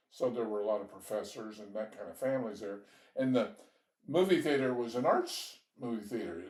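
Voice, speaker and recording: Here the older man from Georgia, USA, speaks in a mid-range, slightly mellow voice, far from the mic in an echoey room. As an interviewee recounting his life, he drifts through easygoing stories about his youth, laughing lightly now and then.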